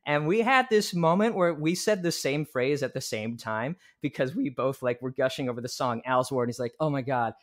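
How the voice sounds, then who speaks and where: Animated man telling road stories. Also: mid-range voice, moderate pace, few pauses. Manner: animated, quotes people in lively bursts, swears casually. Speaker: podcast guest, musician. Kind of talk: casual storytelling chat.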